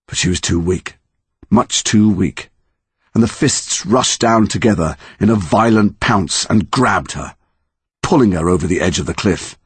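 A man narrating a dark storybook with slow, highly dramatic delivery. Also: slightly rough, no room sound. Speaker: audiobook narrator.

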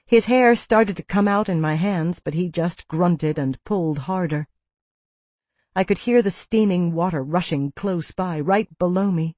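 A woman's voice: lowish voice, darkish tone, no room sound. Woman narrating a tense audiobook. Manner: tense, vivid storytelling. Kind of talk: first-person audiobook narration.

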